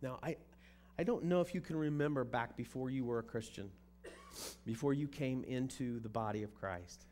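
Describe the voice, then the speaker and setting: Speaking at a normal speed, a pastor with a mid-range, slightly mellow voice gives a conversational sermon. He tends to repeat words when he restarts a thought, and there's slight background noise.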